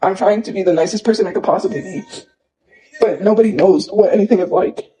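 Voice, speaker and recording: A man's voice: high voice, fast talker, warm tone, a little hiss or hum, poor audio. A man ranting on a livestream, upset and rambling, repeating himself and filling gaps with "like" and "you know.". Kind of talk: emotional livestream rant.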